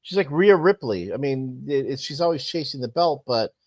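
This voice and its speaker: A man co-hosts a talk podcast and chimes in conversationally, often agreeing with his partner. His pitch sits in the middle range. The recording is dry and close-miked. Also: expressive, normal speed, no room sound. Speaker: podcast co-host. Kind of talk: casual chat.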